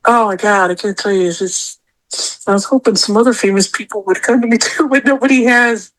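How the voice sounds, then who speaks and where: A woman's voice: mid-range voice, a little fast, fairly bright tone, poor audio. A woman guest telling a personal story in a casual chat, emotional and rambling, often repeating herself. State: tearful at times. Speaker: podcast guest.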